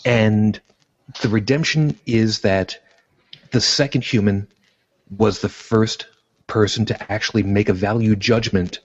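A man's voice: on the low side, fairly even intonation, a little slow, breathy edge. A man hosting a casual discussion, explaining his points in an earnest way. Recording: dull lo-fi sound.

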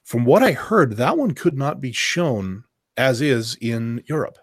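A man's voice: mid-range voice, big pitch swings, measured pace, slightly rough, dry recording, clean studio sound. Rambling, sarcastic male podcast host. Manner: rambling, emphatic, sarcastic asides. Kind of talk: casual panel discussion.

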